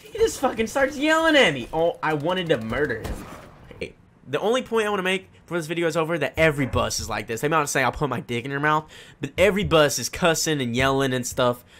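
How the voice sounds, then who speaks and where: A man's voice: on the high side, very animated, fast, slight background noise. Angry teenage boy ranting profanely. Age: teens. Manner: angry, profane, swinging between loud outbursts and mutters. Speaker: vlogger. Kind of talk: casual storytime rant.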